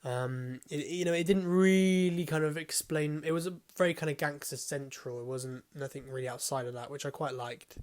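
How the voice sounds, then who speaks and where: A man's voice: a little high, normal speed, hardly any pauses, a little mellow. A man gives a casual, rambling film review, full of hesitations and casual swearing.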